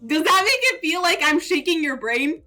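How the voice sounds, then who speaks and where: A woman's voice: high-pitched, lively intonation, normal speed, over music. A woman live streamer in casual chat, talking in a playful, mock-indignant teasing manner.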